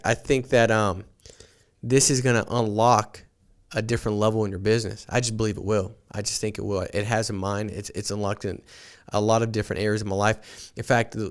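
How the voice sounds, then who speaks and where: A man's voice: fairly low pitch, fairly even intonation, fairly quick. A man hosting a morning podcast, telling stories in an earnest motivational talk and often restarting with repeated words. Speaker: podcast host and sales team leader.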